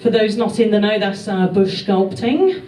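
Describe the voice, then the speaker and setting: A woman's voice: mid-range voice, expressive, normal speed, warm tone, slight background noise. A young English woman performing a stand-up set on a club stage, dry and self-deprecating, laughing at her own jokes. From England. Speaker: comedian. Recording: echoey club, far off, crowd.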